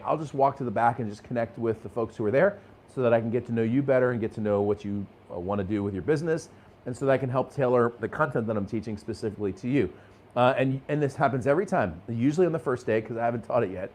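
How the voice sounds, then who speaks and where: A man's voice: mid-range voice, darkish tone. A middle-aged man hosting a live sales training show. He talks to viewers with energy and emphasis, chuckles often and restarts his phrases. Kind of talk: live motivational sales talk to viewers in chat.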